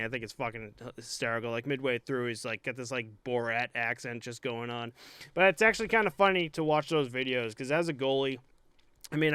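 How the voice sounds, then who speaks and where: A man's voice: medium pitch, a bit bright, smooth, no room sound. A young man co-hosting a hockey podcast, rambling casually with lots of fillers and swearing. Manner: loose, profane, rambling with many fillers. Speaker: podcast co-host; hockey goalie.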